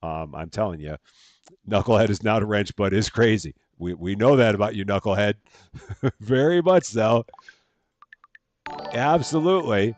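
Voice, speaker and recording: A man's voice: on the low side, expressive, normal speed, long pauses, a little mellow, no room sound. A man chatting casually as he live-streams a game at home, thanking viewers by name and laughing at himself. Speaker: streamer playing a bank simulator game.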